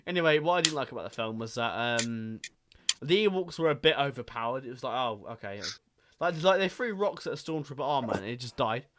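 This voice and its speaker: A man's voice: medium pitch, expressive, fast, fairly bright tone, slight background noise. A young man hosting a casual online podcast chat, rambling, swearing a lot and laughing often. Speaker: podcast host.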